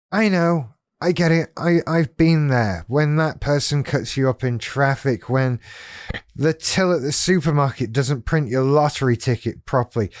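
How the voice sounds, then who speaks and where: Here a medium-pitched man speaks in a dry, studio-quality recording. As host of a YouTube channel on living with BPD, he chats casually to camera, addressing the viewer with wry self-deprecation.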